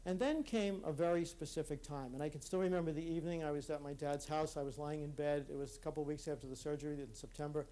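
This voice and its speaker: At a conference, a man with a rather high, dark-toned voice gives a personal, reflective talk. His delivery is earnest and halting, and he keeps restarting sentences. It was recorded live in a hall.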